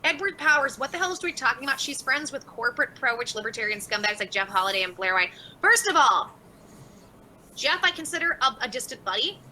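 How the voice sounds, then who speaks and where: Woman livestream host, sarcastic and joking, very bright voice, fairly high, faint background hiss. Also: lively intonation, fairly quick, poor audio. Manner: sarcastic, laughing, addresses viewers by name. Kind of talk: casual livestream chat reading super chats.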